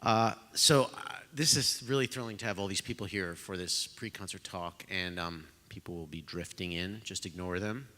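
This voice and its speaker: A man hosting a live pre-concert talk, joking at his own expense and pausing often with fillers. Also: deep voice, bright, forceful tone. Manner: self-deprecating, joking, halting with fillers. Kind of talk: casual live talk to an audience. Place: concert hall. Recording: long reverb of a concert hall.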